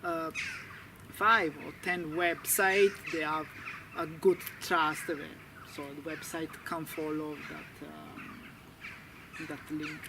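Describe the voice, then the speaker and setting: A man with an Italian accent, a guest speaking halting non-native English with many fillers in a casual interview. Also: a little high, steady tone, noisy background. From Italy.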